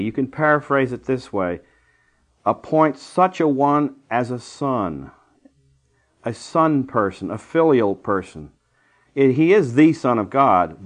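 Male preacher, mid-pitched voice, teaching Bible study with emphatic, explanatory delivery. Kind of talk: sermon.

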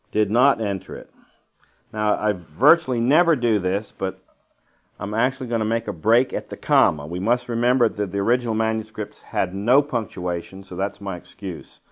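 A man teaching a verse-by-verse Bible lesson in a conversational style, with dry asides and digressions. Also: lowish voice. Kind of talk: Bible study lecture.

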